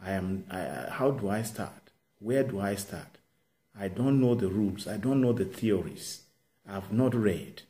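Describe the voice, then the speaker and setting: In a sermon with acted-out quotes, a preacher takes on the voice of Moses as a self-doubting man who stammers and protests that he isn't fit for the task, his tone pleading. The man's voice sits on the low side and is warm and expressive, delivered a little slowly.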